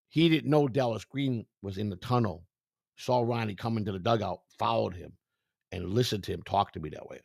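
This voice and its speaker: A man's voice: on the low side, a little fast, creaky, darkish tone, dry recording, clean studio sound. A man telling a story from his own past in a casual sit-down chat, swearing freely and acting out what other people said. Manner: profane, acts out the dialogue of others. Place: indoors, sit-down set.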